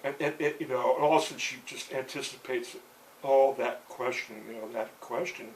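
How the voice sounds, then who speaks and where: A man's voice: medium pitch, steady tone, a little fast, recorded from a distance, rough recording. A man telling a rambling story in casual speech, filling it with "you know" and restarts. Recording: voice set back from the mic, faint background hiss.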